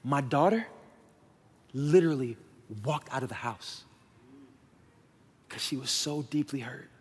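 A pastor in his thirties, with a mid-range, breathy-edged voice, preaches unhurriedly into a stage microphone in a church sanctuary. His sermon is candid and conversational, and he addresses the congregation directly as "y'all." The long reverb of a large hall fills the recording.

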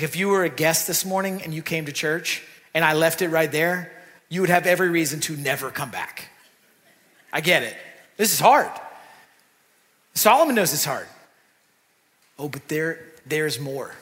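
A man preaching a sermon in a church, talking in a lively, conversational way with asides to the congregation. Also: a little high, moderate pace, long pauses. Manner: animated, conversational preaching with asides and acted quotes. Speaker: pastor. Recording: long reverb of a church hall.

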